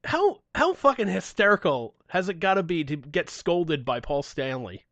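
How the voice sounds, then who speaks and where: A man's voice: high voice, big pitch swings, normal speed, a bit bright, dry recording, muffled recording. A man co-hosting a podcast, telling a story in a profane, giggly way. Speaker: podcast co-host. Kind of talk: casual podcast chat.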